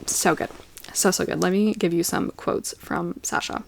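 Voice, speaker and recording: A woman's voice: fairly low pitch, steady tone, moderate pace, gravelly, no echo. A young woman reviewing her favourite books in a casual vlog, gushing and playful, sometimes dropping into a whisper. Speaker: book reviewer.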